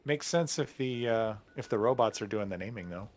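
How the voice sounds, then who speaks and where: A man co-playing a game on stream, chatting casually and telling stories with relaxed hesitations. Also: on the low side, a little fast. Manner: relaxed storytelling, hesitant fillers. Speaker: co-player. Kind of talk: casual gaming chat.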